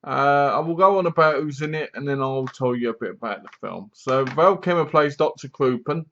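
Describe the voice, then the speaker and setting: A man's voice: mid-range voice, fairly bright tone, highs cut off. A man casually reviewing a movie, rambling along, leaning on "basically" and correcting himself as he goes. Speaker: film reviewer.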